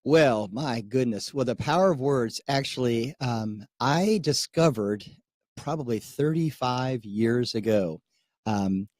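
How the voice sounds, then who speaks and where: A man's voice: mid-range voice, slow, darkish tone, no room sound. Male guest co-host, eager and sincere, close dry studio mic. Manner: upbeat, earnest, agreeable. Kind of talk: casual radio talk. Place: radio studio.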